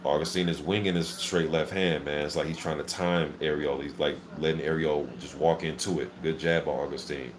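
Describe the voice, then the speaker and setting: A man hosting a casual live boxing reaction, calling the action play-by-play in an excitable, filler-heavy way. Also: very deep voice, a little fast, hardly any pauses, slight background noise. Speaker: boxing channel host. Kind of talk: live fight commentary reaction.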